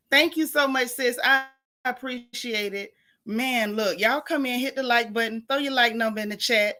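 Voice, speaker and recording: A woman's voice: a little high, normal speed, pushed and bright. A woman hosting a casual livestream, chatting and greeting viewers by name. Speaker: livestream host.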